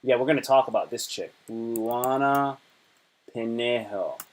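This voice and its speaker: A man's voice: medium pitch, measured pace. A man hosting a casual livestream, rambling in slang while reading posts aloud and joking. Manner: slangy, rambling, reads tweets aloud and jokes. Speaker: livestream host. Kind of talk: casual chat.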